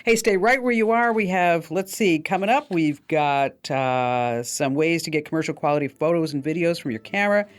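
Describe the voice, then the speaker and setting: A woman's voice: sits low, expressive, normal speed, few pauses. A woman radio host gives tech tips in a casual, chatty way. She keeps her tone upbeat and loose and leans on plenty of fillers as she talks listeners through each tip. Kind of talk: casual call-in radio talk.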